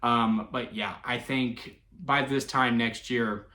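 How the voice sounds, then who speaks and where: A chatty man talks through a wrestling event in a loose, animated way, laughing as he goes. His voice sits at an ordinary middle pitch. The sound is roomy and echoey. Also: takes it slowly. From Texas. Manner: chatty and animated, laughs often, restarts and fillers. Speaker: wrestling reviewer. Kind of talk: casual solo review. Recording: echoey room.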